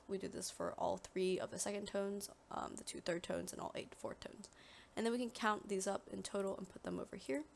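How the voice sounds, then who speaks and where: A young woman giving a step-by-step software tutorial, with frequent "um" fillers. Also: medium pitch, creaky. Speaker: tutorial presenter. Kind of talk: screen-recorded software tutorial. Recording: faint background noise.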